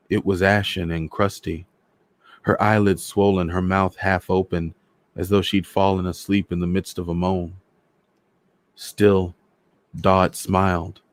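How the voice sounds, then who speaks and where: A man hosting a storytime show, reading a novel aloud in a measured, dramatic way. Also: deep voice, dry recording. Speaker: storyteller host.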